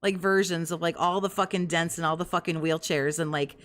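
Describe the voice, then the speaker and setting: A woman's voice: on the low side, fairly even intonation, brisk, fairly bright tone. A woman co-hosting a podcast, talking in crude casual commentary with constant fillers and frequent laughter. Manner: profane, giggly, lots of "like" fillers. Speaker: podcast co-host.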